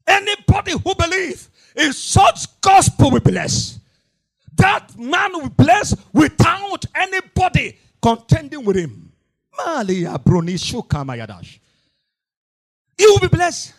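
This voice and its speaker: A middle-aged man preaching a fiery sermon. He repeats his lines, swings from hushed to shouting in a sing-song cadence, and bursts into tongues. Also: very high voice, expressive, unhurried.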